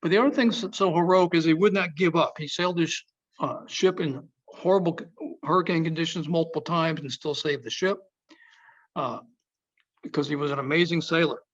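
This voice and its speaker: Man giving a lively history talk. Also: on the high side, brisk. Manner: storytelling, emphatic, quotes historical figures. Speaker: museum speaker. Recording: dull lo-fi sound.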